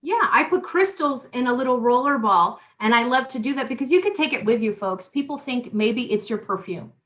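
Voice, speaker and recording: Chatty, animated woman hosting a talk show. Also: fairly high pitch, a little fast. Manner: chatty and animated, with lots of restarts and asides to the audience. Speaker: host. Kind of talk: casual spiritual talk show chat.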